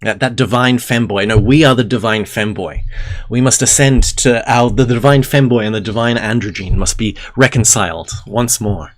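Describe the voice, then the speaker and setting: A man's voice: fairly low pitch, moderate pace. A man hosting a livestream, reading a book aloud and breaking off into rambling, jokey asides. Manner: rambling, jokey asides between read passages. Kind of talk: casual livestream reading and commentary. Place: home room, window half open.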